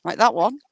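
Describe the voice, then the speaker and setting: A woman's voice: a little mellow, no echo. Chatty woman cooing at ducks. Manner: chatty, coos at ducks in a high sing-song voice. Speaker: vlogger. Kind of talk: casual walking vlog. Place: outdoors by water. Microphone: handheld phone.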